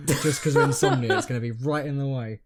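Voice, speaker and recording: A young man chats on a podcast at a middle pitch, wandering through his thoughts. He pauses and restarts often, and his voice sinks quietly at the ends of his points. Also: fairly even intonation. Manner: rambling, hesitant, trailing off quietly. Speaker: podcast co-host. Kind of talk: casual chat.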